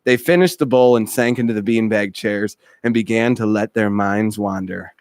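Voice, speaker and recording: A man narrating a comedy radio skit in a deadpan, mock-serious storytelling way. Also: fairly low pitch, normal speed, smooth, no room sound, studio quality.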